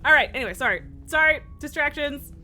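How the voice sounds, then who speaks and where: A woman's voice: high voice, lively intonation, fast, pushed and bright. A young woman streaming a game, chatting casually and giggling often. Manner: chatty and giggly, many fillers. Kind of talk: casual live-stream chat. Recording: game music underneath.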